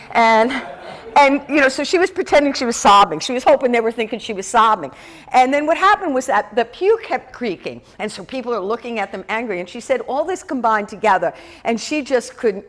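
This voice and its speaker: A woman minister telling a story in a conversational sermon, with lots of "you know". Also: mid-range voice. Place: church sanctuary.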